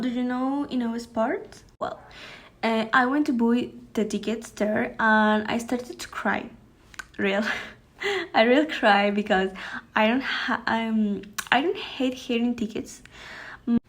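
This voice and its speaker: Woman, teens, Spanish speaker, hesitant, slightly high pitch, slow unhurried delivery. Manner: hesitant, halting, frequent restarts and fillers. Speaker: student. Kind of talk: homework anecdote in English.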